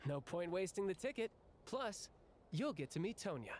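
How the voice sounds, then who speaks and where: A man's voice: high-pitched, sing-song, normal speed, a little mellow. A man voicing an earnest young man in a game, a dutiful older brother who speaks plainly. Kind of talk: game dialogue.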